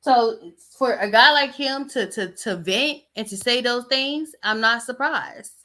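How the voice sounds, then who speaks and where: Blunt, bright-voiced woman podcaster. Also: fairly high pitch, unhurried. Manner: blunt, exasperated, chatty. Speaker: podcast host. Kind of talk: casual podcast commentary.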